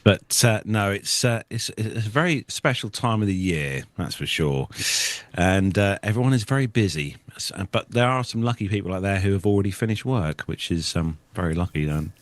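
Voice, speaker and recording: A man's voice: lowish voice, expressive, moderate pace, no room sound. A man hosting a casual podcast, chatty and genial, thanking each guest in turn. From United Kingdom. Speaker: podcast host. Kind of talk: casual podcast chat and sign-off.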